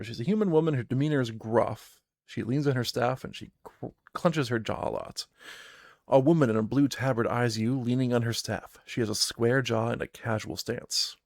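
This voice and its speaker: A man's voice: mid-range voice, normal speed, no echo, studio quality. A man narrating a solo tabletop game on a live stream, reading game text aloud and chatting to himself as he plays.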